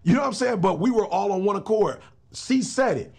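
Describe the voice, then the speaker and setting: Gravelly, high-pitched man preaching emphatically. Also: brisk. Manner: emphatic, preacherly, slangy, animated storytelling. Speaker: motivational speaker and pastor, guest. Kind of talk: casual interview talk.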